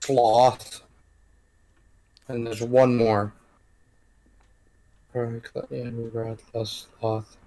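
A man's voice: mid-range voice, flat delivery, very slow, long pauses, mellow. A man co-playing a horror game in casual chat, making dry, wry remarks. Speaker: co-player and guest. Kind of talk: casual let's-play chat.

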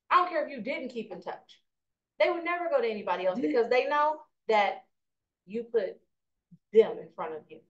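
Animated middle-aged woman teaching a class. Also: on the high side. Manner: animated storyteller, asks "right?" often. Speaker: real estate trainer. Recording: echoey lo-fi room recording.

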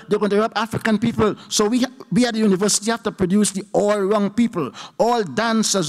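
A man with a Trinidadian accent delivers an emphatic speech to an audience, his voice sitting a little high. He drags out his key points slowly and repeats them. The sound carries a long reverb from a large hall. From Trinidad and Tobago. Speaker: university professor giving a budget response.

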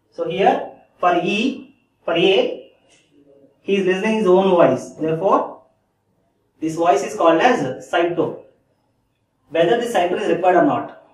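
A man giving a lecture in a classroom style who repeats key phrases and keeps checking that listeners follow. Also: sits high. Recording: echoey room, distant mic.

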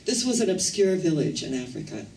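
A woman minister preaching a sermon in a slow, deliberate and earnest way. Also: sits low, very animated, darkish tone, a little hiss or hum. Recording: echoey room, voice far from the mic.

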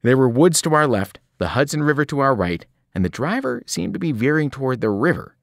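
A man's voice: mid-range voice, a little fast, creaky. A male reader telling a story to students, his voice rising and falling with plenty of movement. He sounds close and dry, with no room echo. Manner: lively storytelling with sudden voiced cries. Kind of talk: reading a novel aloud.

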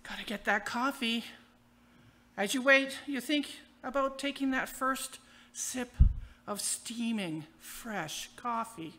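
Lady minister, slow wry storytelling sermon, kinda high voice. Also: sharp tone. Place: church.

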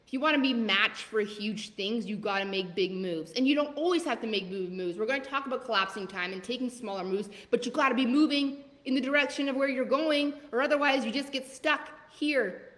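A woman's voice: a little high, fairly bright tone. Fervent woman coach, echoing hall. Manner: fervent, exhorting with rapid-fire repeated commands. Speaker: leadership coach. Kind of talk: live motivational masterclass talk.

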